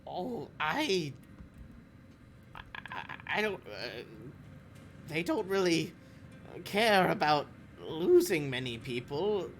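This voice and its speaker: A man voicing a scared little creature caught spying, stammering and pleading in a high voice. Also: sing-song, slow pace, long pauses, soft background music, full character voice. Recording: faint background noise.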